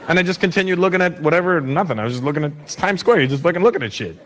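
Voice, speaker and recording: Animated stand-up comedian man. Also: on the high side, racing, hardly any pauses, a little hiss or hum. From Canada. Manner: animated, playful crowd work.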